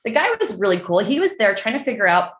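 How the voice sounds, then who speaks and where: A middle-aged woman from San Francisco, telling a story as a podcast guest in a chatty, animated way full of fillers. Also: mid-range voice, fast, echoey room. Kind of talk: casual storytelling.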